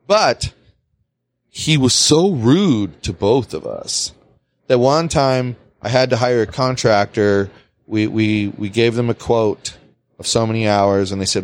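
A man hosting a podcast, telling a work story in casual chat, swearing freely. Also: measured pace. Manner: animated, swings pitch widely, swears freely. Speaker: podcast host.

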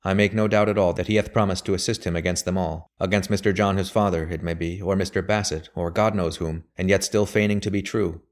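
A man's voice: low voice, fairly even intonation, fast, few pauses, lightly acted. A man reading aloud, voicing a grave, shrewd elderly lawyer who speaks emphatically. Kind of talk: audiobook character voice.

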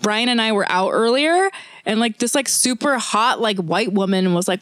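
A woman podcast co-host telling a story in casual chat, animated and full of fillers. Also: mid-range voice, normal speed, dry recording. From Korean family. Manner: animated storytelling with lots of "like" and laughter.

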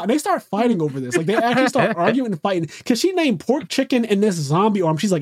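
A man co-hosting a casual chat, talking in an animated way, swearing and acting out quotes. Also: high-pitched, fast talker, few pauses, breathy edge, no room sound, clean studio sound. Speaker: podcast co-host.

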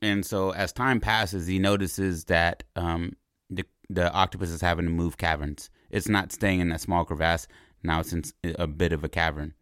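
A man casually pitching a movie idea as a long story, rambling and animated, repeating words and checking in with "right?". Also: normal speed, dry recording, clean studio sound.

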